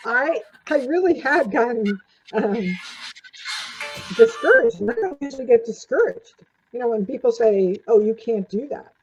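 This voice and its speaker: A woman's voice: medium pitch, darkish tone, husky. An older woman, a returning interview guest, telling her own stories in a chatty way, laughing often and acting out what people said. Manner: chatty, laughs often, acts out quoted lines. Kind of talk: storytelling in a casual interview. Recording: dull lo-fi sound.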